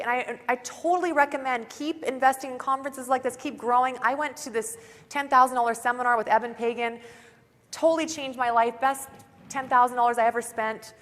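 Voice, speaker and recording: On a stage mic in a large conference hall, a young conference speaker gives an upbeat motivational talk. Her pitch is fairly high and a bit bright, she's chatty and says "like" a lot, and the hall adds long reverb.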